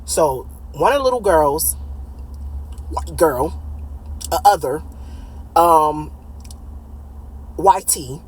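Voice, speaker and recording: A woman in her late thirties telling a personal story in a casual, blunt, animated way, swearing freely. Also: sits low, very slow, long pauses, slightly rough, poor audio. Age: late 30s.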